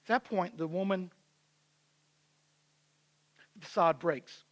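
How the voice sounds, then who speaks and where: A man's voice: sits high, takes it slowly, long pauses, a bit bright. A man preaching as senior pastor in a church, telling the story conversationally and acting out the characters' voices. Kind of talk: sermon.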